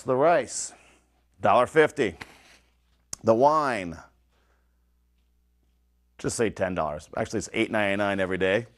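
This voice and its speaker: A man hosting a home cooking video, talking casually and enthusiastically to his viewers, tasting his food and sometimes talking with his mouth full. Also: fairly low pitch. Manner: chatty, enthusiastic, talks straight to viewers. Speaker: home cooking show host.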